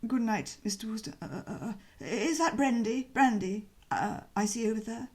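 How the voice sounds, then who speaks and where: A woman voicing a flustered older magistrate, cowed and grudging, speaking quietly and hesitantly in an audiobook reading. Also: a little high, animated, normal speed, close to an everyday voice.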